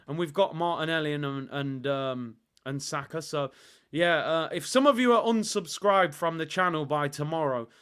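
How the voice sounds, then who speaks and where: A man's voice: fairly high pitch, normal speed, a bit bright, smooth. Sarcastic, rambling football fan host, man. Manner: jokey, sarcastic, rambling with many fillers. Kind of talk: casual fan commentary on a livestream.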